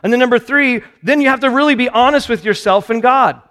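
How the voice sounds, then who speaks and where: A man's voice: extremely high pitch, fairly quick, fairly bright tone. Man preaching in a reverberant hall. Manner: conversational, self-deprecating, rhetorical questions to listeners. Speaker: pastor. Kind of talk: sermon. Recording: long reverb of a large hall.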